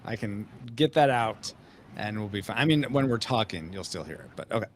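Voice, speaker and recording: A man's voice: lowish voice, animated, brisk, a little hiss or hum. A man hosting a live podcast, leading an upbeat, joking casual chat with his co-hosts. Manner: upbeat, joking, leads the talk. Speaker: podcast host.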